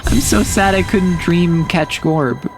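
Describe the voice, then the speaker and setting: A man's voice: high voice, takes it slowly. A man streaming a game, playfully musing and giggling as he plays. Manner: playful, giggly, muses aloud. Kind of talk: gameplay commentary. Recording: voice over loud game music.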